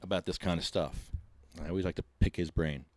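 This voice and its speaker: A man's voice: sits low, a little fast, no echo. A man hosting a podcast in casual chat, jokey and laughing as he talks in bursts. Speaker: podcast host.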